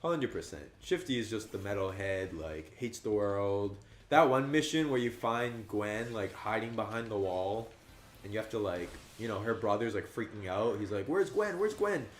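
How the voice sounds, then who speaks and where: Animated young man chatting on stream, roomy sound. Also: moderate pace, a little hiss or hum. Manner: animated, jumps high and loud when quoting friends. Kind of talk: casual livestream chat. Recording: roomy echo.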